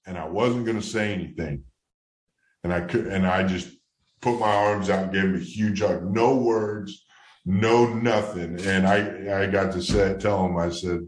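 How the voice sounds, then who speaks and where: Deep-voiced man in an echoey room. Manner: rambling, many restarts, low-key then excited. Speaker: former baseball player, guest. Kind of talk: casual storytelling interview.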